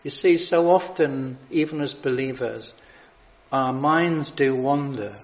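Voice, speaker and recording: A man preaching a sermon, reading scripture with emphatic, measured delivery and dramatic pauses. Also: medium pitch. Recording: dull lo-fi sound.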